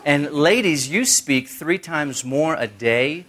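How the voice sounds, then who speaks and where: A man's voice: on the high side, lively intonation, takes it slowly, a bit bright. Man, bible study teacher, conversational sermon, playful asides, quotes scripture.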